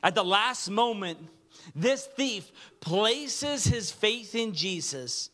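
A man preaching a sermon with earnest delivery, dropping to a hush when he reads quoted words. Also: sits high, expressive, takes it slowly. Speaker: pastor.

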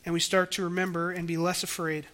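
Bright, high-voiced young man preaching. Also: little pitch movement, fast talker. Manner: conversational, acts out quoted voices. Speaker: pastor. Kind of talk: sermon.

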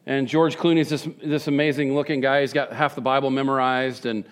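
Middle-aged male pastor, easygoing sermon delivery, quick jokes at his own expense, animated asides, average pitch. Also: clean tone. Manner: joking, self-deprecating, animated asides. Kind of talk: conversational sermon.

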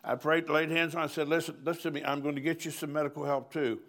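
A man's voice: fairly high pitch, flat delivery, quick pace, a bit bright. An older man, a pastor, preaching at a conference in a folksy, storytelling way, chuckling between lines.

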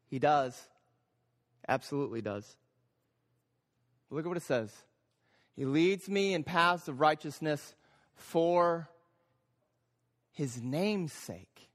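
A man preaching a sermon as pastor, animated, repeating phrases for emphasis and acting out little voices. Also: fairly high pitch, slow, long pauses. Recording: long hall reverb.

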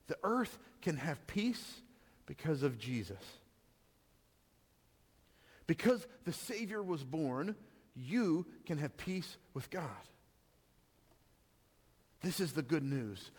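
A man's voice: on the high side, expressive, unhurried, long pauses, husky. Man preaching in a reverberant hall. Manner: conversational preaching with repeated restarts and rhetorical questions. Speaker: pastor. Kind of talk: sermon.

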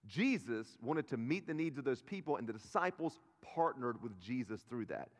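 A man in his thirties from North Carolina, a pastor preaching a sermon and swinging from loud bursts to quiet asides. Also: medium pitch, animated, moderate pace. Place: church auditorium. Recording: long reverb of a church hall.

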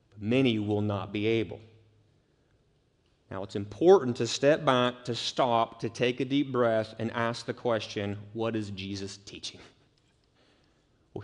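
Pastor, man, mid-pitch, earnest sermon delivery that swells to urgent emphasis, long church-hall reverb.

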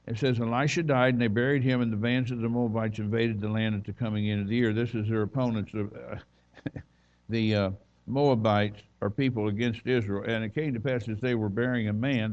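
A man's voice: on the low side, darkish tone, dull audio. A man preaching a sermon as a visiting minister, folksy and conversational with plenty of asides. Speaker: guest preacher. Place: church.

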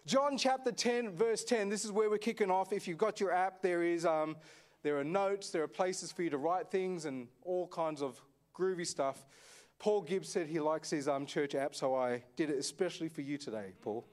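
A man's voice: on the high side, normal speed. A man, a senior pastor, preaching a sermon in a conversational way, often asking the congregation questions. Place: echoey church hall.

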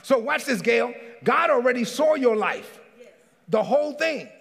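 High-pitched, gravelly preaching man. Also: animated, unhurried. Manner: emphatic preaching, often shouting; calls out congregants by name. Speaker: pastor. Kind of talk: sermon. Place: church sanctuary. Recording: reverberant hall.

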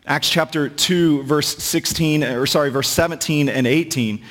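A man's voice: on the high side, a little slow, a bit bright. Man preaching in an echoing hall. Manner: conversational preaching with asides and jokes. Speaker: pastor. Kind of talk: sermon. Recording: long hall reverb.

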